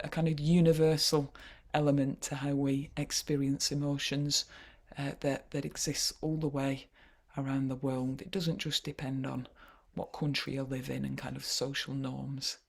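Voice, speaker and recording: Gravelly Yorkshire woman leading a workshop. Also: a bass voice, fairly even intonation, moderate pace, few pauses, darkish tone. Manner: chatty, wry, frequent hesitations. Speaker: poetry workshop leader. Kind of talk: online teaching workshop.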